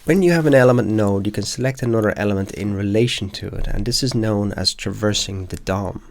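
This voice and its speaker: A man's voice: lowish voice, a little fast, creaky. A man teaching web development, walking through code examples step by step in a lecture.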